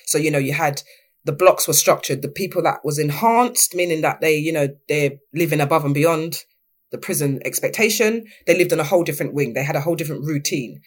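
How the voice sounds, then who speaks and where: A young woman talks candidly as an interview guest. Her telling is lively and animated, and her voice jumps when she acts out what other people said. It sounds like easy, open conversation. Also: sits low, a little fast. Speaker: podcast guest.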